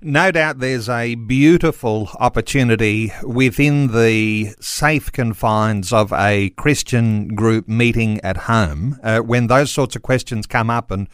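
A man hosting a live radio show, his voice mid-pitched and dry in a close studio mic. He asks long, rambling questions, stopping often to hesitate before pressing on. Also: takes it slowly, hardly any pauses, smooth, no room sound. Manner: rambling questions with many uh fillers. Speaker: radio host. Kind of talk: radio interview.

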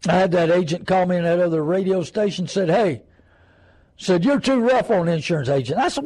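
An older man with a drawl hosts a call-in radio show, rambling through folksy stories. His voice sits high and comes out husky. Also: a little fast, low-quality recording. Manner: folksy, rambling, animated storytelling. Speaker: radio talk show host.

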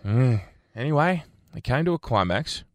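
A man's voice: medium pitch, expressive, moderate pace, no echo. A man co-hosting a morning radio show, joking and teasing in casual banter with frequent laughs. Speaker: radio host. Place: radio studio. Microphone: studio microphone.

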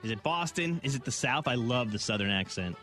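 A man's voice: medium pitch, animated, brisk, pushed and bright, soft background music. A man hosting a morning radio show, bantering and reading out a countdown list. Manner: playful, reads out lists. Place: radio studio.

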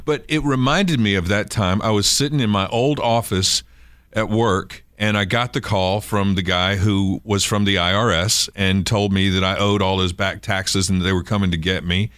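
Male radio-style podcast host, lower register, dry studio sound, animated anecdotal delivery. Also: moderate pace, no room sound. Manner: lively anecdotal storyteller. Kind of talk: casual chat, storytelling.

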